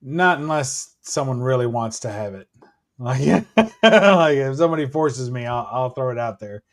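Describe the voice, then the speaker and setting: A man's voice: medium pitch, expressive, unhurried. A man in a casual livestream chat, joking and teasing the others.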